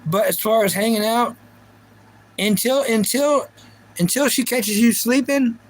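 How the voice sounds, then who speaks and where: A man's voice: very high voice, measured pace, rough recording. A young man hosting a livestream, chatting casually and playfully about anime and reacting to his viewers. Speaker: livestream host.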